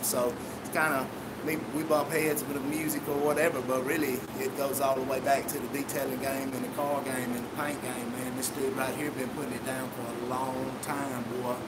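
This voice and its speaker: Man over loud traffic rumble. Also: level tone, a little fast. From Louisiana. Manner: laid-back, proud, slangy. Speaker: rapper and detailer. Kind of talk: casual chat. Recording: loud vehicle rumble outdoors.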